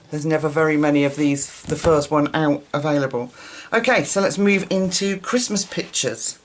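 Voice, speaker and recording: Chatty low-voiced woman. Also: slight background noise. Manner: chatty, rambling, self-correcting, warmly enthusiastic. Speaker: coloring channel host. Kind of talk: casual chat showing coloring pages.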